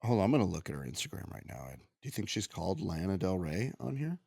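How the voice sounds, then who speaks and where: A man co-hosting a podcast, reading news aloud and riffing on it in casual comedic banter, full of restarts and quick asides. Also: low voice, vocal fry, breathy edge, dry recording, clean studio sound. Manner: animated, riffing, reads news aloud then jokes; frequent restarts and filler yeahs. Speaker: podcast co-host.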